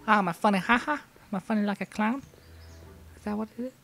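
A man's voice: sits high, fairly quick, creaky, fairly bright tone, pitched above the performer's own voice. A man putting on a menacing mob boss voice while playing a game, taunting in a mock-tough way.

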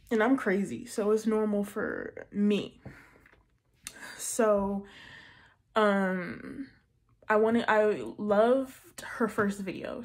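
A young woman in her twenties talks straight to her viewers in a loose, slangy way. Her delivery is chatty and animated, full of asides and jokes, with a middle-pitched voice. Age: 20s. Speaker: budgeting vlogger. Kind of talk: casual chat.

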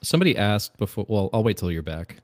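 Deep-voiced man reading fan questions. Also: sing-song, quick pace, a little mellow. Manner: chatty, easygoing, relays chat questions. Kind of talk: casual live-stream Q&A chat.

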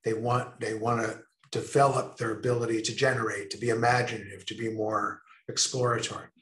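A man presenting a creativity session in a lecture style, speaking expressively with emphatic, drawn-out pauses. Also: lowish voice, level tone, a bit bright, echoey room. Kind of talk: lecture-style talk to a remote audience.

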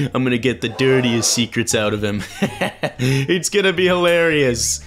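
A young man giving playful, excitable gaming commentary, teasing his friend and talking to the viewers. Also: medium pitch, measured pace, slight background noise. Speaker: YouTube gamer playing as Melon.

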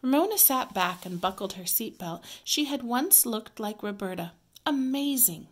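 A woman teacher reading a children's story aloud, clear, expressive and measured. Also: on the high side.

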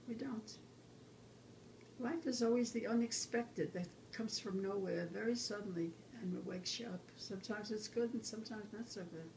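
A woman's voice: mid-range voice, vocal fry, slight background noise, rough recording. A woman in her nineties, a grandmother talking to her grandson about her life in an earnest, storytelling way. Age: 90s. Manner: animated, acts out remembered quarrels in a raised voice; earnest, drops to a quiet hush on life lessons. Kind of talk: reflective personal storytelling.

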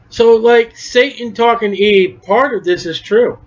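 A man's voice: a little high, lively intonation, unhurried. A man preaching a conversational Bible-study sermon, emphatic, often repeating words. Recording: dull lo-fi recording.

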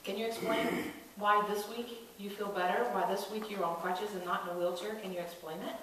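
A woman's voice: medium pitch, steady tone, a little fast, fairly bright tone, a little hiss or hum. Woman preaching in an echoey church. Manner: storytelling, acting out quoted voices, rising to emphatic calls. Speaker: pastor. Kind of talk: sermon. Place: church sanctuary. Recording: echoey church from a distant mic.

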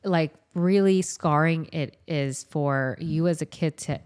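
Low-voiced woman dog trainer, chatty. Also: slow, a little mellow. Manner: chatty storyteller, loose and rambling. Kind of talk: casual podcast conversation.

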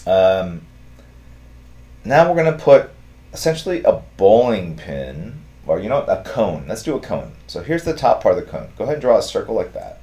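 A middle-aged man hosting a live drawing stream, giving relaxed, rambling step-by-step instructions and thanking viewers in the chat. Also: on the low side, normal speed. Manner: relaxed, rambling instructions with fillers and chat-reader shout-outs. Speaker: artist hosting a draw-along stream.

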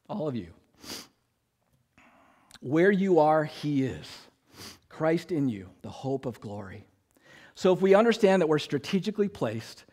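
A man preaching a sermon as pastor, talking in a conversational, joking way and acting out little quoted exchanges. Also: a little high.

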